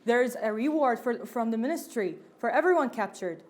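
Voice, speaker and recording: A sheepish teenage boy wizard pleads and explains himself in a slightly raised voice, as a woman reads him. Storybook reading, defensive and hurried. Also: fairly high pitch, animated. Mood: explaining.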